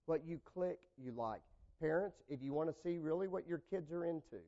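A man preaching a sermon, swinging from loud, raised points down to quiet, low asides and acting out the people in his examples. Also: moderate pace, dull audio. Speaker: pastor.

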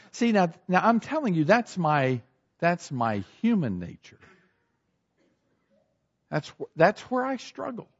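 Husky pastor guy preaching, voice jumps all over, kinda muffled recording. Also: high voice, a little slow, pauses often. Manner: animated, acts out everyday scenes with shifting voices. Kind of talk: sermon.

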